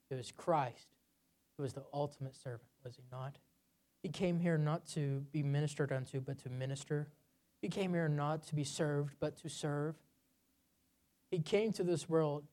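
A man preaching a sermon, telling a personal story and building to loud emphatic peaks before dropping low and quiet.

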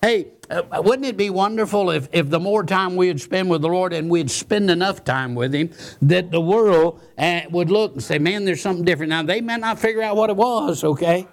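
Gravelly preacher man. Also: high-pitched, normal speed. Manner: earnest, repeats words, quotes scripture and hymns. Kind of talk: sermon.

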